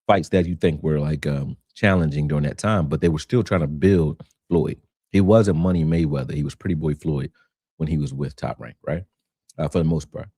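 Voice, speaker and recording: A man with a very low voice talks boxing as a coach hosting a casual live stream. He chats straight to his viewers, loose and conversational, often repeating words while he lines up his point. His throat is slightly rough, and the sound is dry and close with no room echo. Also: darkish tone. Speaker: boxing coach and show host. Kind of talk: casual livestream commentary.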